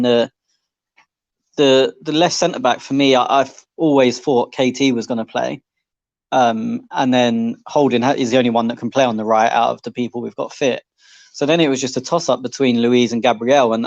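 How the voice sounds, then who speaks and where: A man's voice: mid-range voice, no room sound. Man on a dull, dry mic. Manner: relaxed, thinks aloud with fillers. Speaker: podcast co-host. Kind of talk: casual chat.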